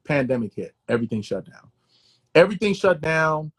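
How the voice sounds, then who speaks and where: Actor guest, male, quick and husky, slightly high voice, lively profane storyteller. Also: background noise. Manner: animated, profane, repeats words. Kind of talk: casual interview storytelling.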